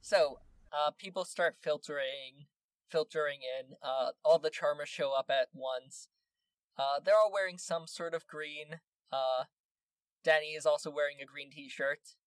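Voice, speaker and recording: Relaxed man game master, slightly high voice. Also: a little slow, clean tone, dry recording. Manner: relaxed, filler-heavy narration. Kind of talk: narrating a tabletop game.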